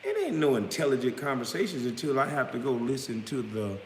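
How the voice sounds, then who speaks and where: A man in his thirties ranting bluntly to camera, swinging from low mutters to loud outbursts. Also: sing-song, a little fast, slight background noise. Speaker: vlogger. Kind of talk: profane rant to camera. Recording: echoey room with long reverb.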